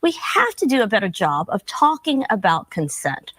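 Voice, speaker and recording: A woman's voice: mid-range voice, very animated, normal speed, fairly bright tone, no room sound. Earnest woman news commentator. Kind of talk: broadcast news discussion.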